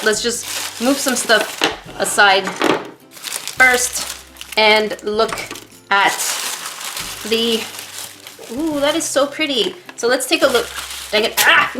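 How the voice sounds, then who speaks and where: A woman's voice: mid-range voice, fairly bright tone. A woman vlogger chatting casually to viewers while unboxing art supplies at her desk, gasping and exclaiming over each item.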